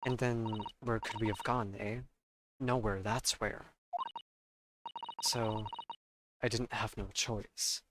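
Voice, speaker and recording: A man's voice: lowish voice, steady tone, slow, long pauses, heavy background noise. A man doing a defiant street girl. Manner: slangy, defiant, tough. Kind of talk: reading game dialogue aloud. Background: loud game music.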